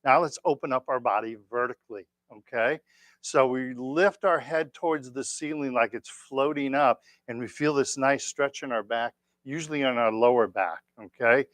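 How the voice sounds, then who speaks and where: A man leading a tai chi class, giving calm, encouraging step-by-step cues. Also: mid-range voice, moderate pace, dry recording. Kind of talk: guided exercise class.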